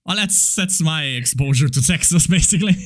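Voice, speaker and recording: A woman's voice: low-pitched, animated, fairly quick. A woman co-hosting a podcast, chatting casually, joking and laughing often. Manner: joking, laughs often, playfully throws in silly impressions. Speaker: podcast co-host. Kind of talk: casual chat.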